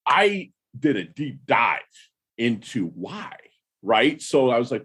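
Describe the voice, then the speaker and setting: Husky, effusive male podcast host. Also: medium pitch, sing-song, a little slow. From US Midwest. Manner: effusive, slangy, calls guest dude and brother. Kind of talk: casual interview.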